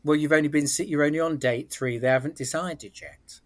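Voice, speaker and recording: A man's voice: on the high side, fairly even intonation, brisk. A man with a British accent, a guest on a podcast, explaining his work in a thoughtful way with frequent restarts. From England. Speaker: psychic medium guest. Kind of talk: casual interview chat.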